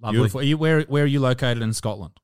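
A man's voice: medium pitch, rapid-fire, smooth, no room sound, clean studio sound. A man hosting a podcast, talking loosely and teasing his guest with swearing and mock-grand introductions. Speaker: podcast host. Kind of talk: casual chat over video call.

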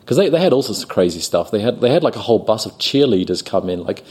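A British man telling a story on a podcast, animated and often laughing as he acts out the people he quotes. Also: fairly low pitch, fast, slightly rough. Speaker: podcast guest, actor. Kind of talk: casual anecdote telling.

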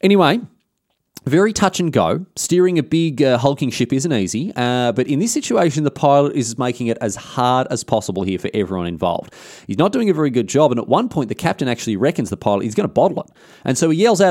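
A man's voice: mid-range voice, very animated, quick pace, darkish tone, dry recording, clean studio sound. An Australian man hosting a podcast, telling history in a casual, slangy, irreverent way. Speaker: podcast host.

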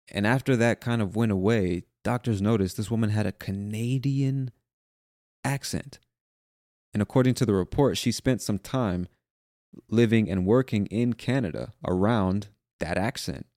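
An American man hosting an English-learning podcast, reading a news article aloud and patiently explaining vocabulary, often repeating an idea in several ways and slowing down to stress key words. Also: fairly low pitch, warm tone, no echo, studio quality. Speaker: English teacher podcast host.

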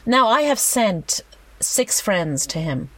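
An Irish woman co-hosting a casual chat, telling candid stories in an animated way. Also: mid-range voice, slow pace, poor audio.

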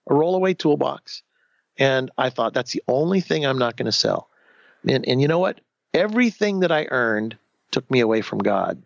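Speaking candidly in an interview, a fifties-aged man recounts his life with animation, voicing the people he quotes and frequently starting sentences over. His mid-range voice is creaky, and the muffled recording has no room sound.

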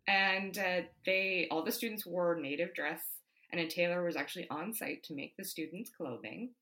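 A woman's voice: fairly low pitch, moderate pace, sharp tone, rough recording. A woman co-hosting a podcast, chatting casually about history with many fillers and frequent laughs. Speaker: podcast co-host. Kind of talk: casual chat.

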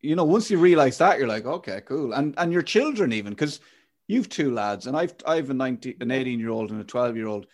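A man's voice: medium pitch, expressive, brisk. An Irish man in his forties hosting a podcast, talking in a reflective, frank way with casual swearing. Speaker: podcast host. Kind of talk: candid podcast chat.

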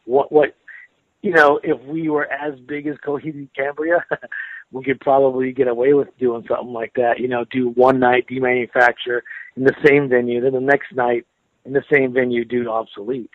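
A man, a metal guitarist, talking in a relaxed, rambling way in a casual interview, with restarts and soft laughs. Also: mid-range voice, moderate pace, dry recording. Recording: tinny phone line.

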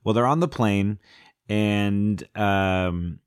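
A man recaps a movie in a loose, rambling way, full of fillers and self-mocking asides. His voice sits low. The sound is dry and close, with no room. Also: drawn-out words, smooth, no room sound. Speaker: film recapper. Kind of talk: casual comedic retelling.

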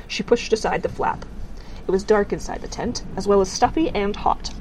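A woman narrating a storybook aloud in an even, measured way. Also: medium pitch, slight background noise, rough recording. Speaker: audiobook reader.

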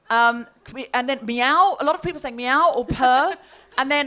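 A woman's voice: high voice, a little fast, hardly any pauses. A woman telling a comic story on a live comedy podcast, reading out messages with relish. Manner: animated, reads out messages with relish. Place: comedy festival stage before a live audience.

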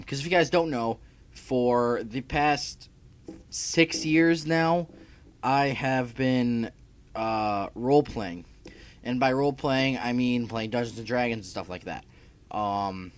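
A man's voice: mid-range voice, lively intonation, takes it slowly, clean tone. Chatty scattered young male YouTuber. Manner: chatty, scattered, self-interrupting, filler-heavy. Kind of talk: casual vlog chat. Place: home room.

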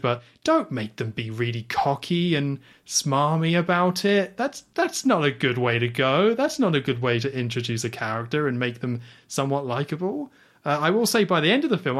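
A man's voice: mid-range voice, fairly bright tone. A man co-hosting a casual film podcast, who retells a scene and quotes its lines. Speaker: podcast co-host.

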